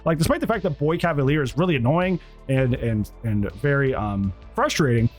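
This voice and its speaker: A man giving a casual, rambling review of a TV episode, animated and acting out bits of dialogue. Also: mid-range voice, fairly quick, soft background music. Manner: animated, rambling, acts out quotes. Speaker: TV show reviewer.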